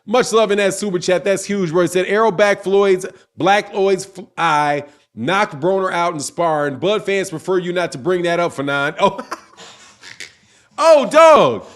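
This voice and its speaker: A man's voice: high voice, moderate pace, hardly any pauses, clear, resonant tone. A man hosting a casual boxing livestream, reading super chats aloud in slangy, repetitive, laughing talk. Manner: animated, slangy, repeats himself, laughs often. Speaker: boxing channel host.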